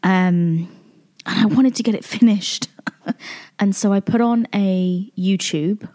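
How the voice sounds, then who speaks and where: Speaking slowly in a medium-pitched, dark voice, this British podcast host opens up emotionally and confessionally in a candid solo episode.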